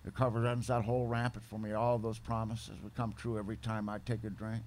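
A man's voice: on the low side, flat delivery, brisk, darkish tone, slight background noise. A man telling his own story as a speaker at a recovery meeting, candid and plain-spoken. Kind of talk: personal testimony storytelling.

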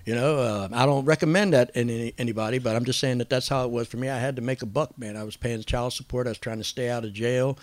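A man telling his recovery story in a casual, rambling way, full of slang and fillers, who acts out other people's lines in a higher voice. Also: fairly even intonation, fast talker, few pauses, no echo. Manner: acts out quoted voices with raised pitch.

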